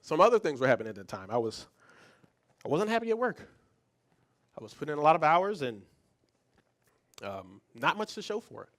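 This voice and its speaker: A man who is a psychologist, giving a motivational talk as a lively story, often restarting and repeating words. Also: on the high side, fairly quick, pauses often. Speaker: psychologist and speaker.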